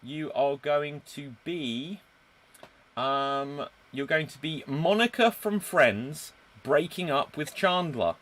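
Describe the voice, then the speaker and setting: Upbeat man hosting a streamed improv show; animated, slightly high. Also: slow. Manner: upbeat, animated, hands out scores and prompts. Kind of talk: hosting a live comedy stream. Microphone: video call.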